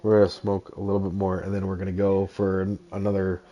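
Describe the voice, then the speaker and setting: A man's voice: deep voice, completely flat delivery, fast, mellow, lo-fi sound. A man hosting a casual livestream, chatting with viewers and explaining his gameplay while laughing often. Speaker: streamer.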